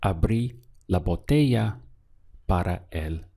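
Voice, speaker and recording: A male Spanish teacher with a lowish, gravelly voice and a dark, mellow tone runs a language lesson with drills. He speaks slowly and deliberately, repeating words so learners can follow, in a patient, methodical, yet animated way.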